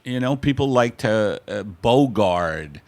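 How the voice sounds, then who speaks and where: A man's voice: lowish voice, lively intonation, takes it slowly, a little mellow. A man hosting a comedy podcast from an apartment, rambling and absurdist in casual chat.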